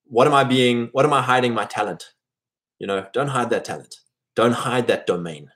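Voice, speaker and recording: A man's voice: medium pitch, normal speed, a bit bright. A man hosting a podcast, giving a conversational motivational faith talk to other men, emphatic and full of fillers. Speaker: host of a men's faith podcast.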